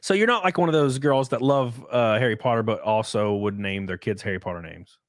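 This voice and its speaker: A man's voice: mid-range voice, a little fast, no echo. A young man, a streamer and podcast host, chatting casually in a joking, teasing way. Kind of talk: casual chat.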